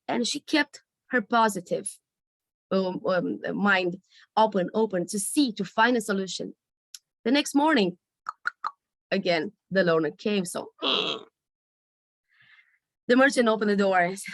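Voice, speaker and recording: A woman's voice: medium pitch, unhurried, pauses often, no room sound. Lady telling a folk story, lots of ums, close dry sound. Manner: casual, with many fillers and restarts. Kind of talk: live oral storytelling. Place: festival stage.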